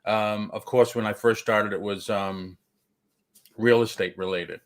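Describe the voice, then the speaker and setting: Male livestream host, lowish voice, loose and halting, lots of "um"s. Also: fairly even intonation. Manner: halting, many fillers and restarts. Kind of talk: casual livestream chat.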